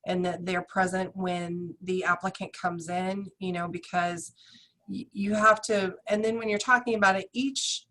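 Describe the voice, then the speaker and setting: A woman's voice: mid-range voice, a bit bright, low-quality recording. A woman speaking earnestly and emphatically as a panelist on a video call. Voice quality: earnest, emphatic, restarts often. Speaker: beauty school director, panelist. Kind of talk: conversational panel talk.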